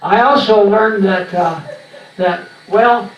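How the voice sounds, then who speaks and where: An older man doing stand-up in a small club, with a weak, breathy voice after voice surgery and slow deadpan one-liners. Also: sits high, dull audio, slight background noise. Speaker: stand-up comedian. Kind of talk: stand-up set. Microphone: handheld mic through a loud PA. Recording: echoey club recorded from far off.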